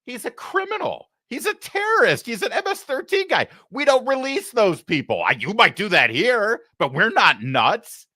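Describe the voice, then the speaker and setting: A man putting on the voice of an incredulous male head of state, mocking and exasperated, pitched well above his own voice. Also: sing-song, moderate pace, hardly any pauses, pushed and bright, no room sound, studio quality, exaggerated voice. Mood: scoffing.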